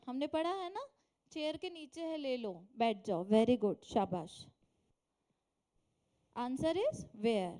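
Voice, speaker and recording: Indian lady teacher, high voice, quizzing the class and cheering them on. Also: mellow. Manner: encouraging, quizzing students, mixing Hindi and English. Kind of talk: classroom English lesson.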